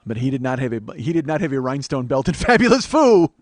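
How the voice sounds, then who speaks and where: Fast-talking profane man. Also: medium pitch, slight background noise. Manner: profane, animated storytelling with acted-out quotes. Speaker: comedian host. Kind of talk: podcast storytelling.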